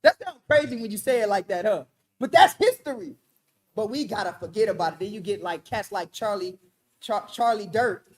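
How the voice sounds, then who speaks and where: A woman leading a Bible study, preaching in an emphatic, loud and vernacular style and calling out to the room. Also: medium pitch, lively intonation, a little fast. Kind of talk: animated street-style preaching.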